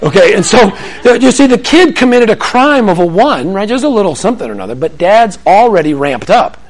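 A man's voice: sits high, a little fast, rough recording. A middle-aged man giving a Christian parenting talk to a live audience, telling family stories with humor and acting out the dialogue. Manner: animated storytelling, acts out family dialogue; humorous, self-deprecating asides. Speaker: parenting speaker. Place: room with an audience.

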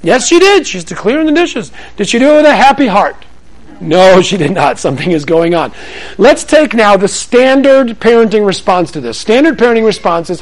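A middle-aged man delivers a Christian parenting talk to a room of listeners, his voice pitched high and swinging widely. He slips into acted family dialogue and self-deprecating jokes as he makes his points. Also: a little fast, low-quality recording. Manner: animated storytelling, acts out family dialogue; humorous, self-deprecating asides. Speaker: parenting speaker. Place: room with an audience.

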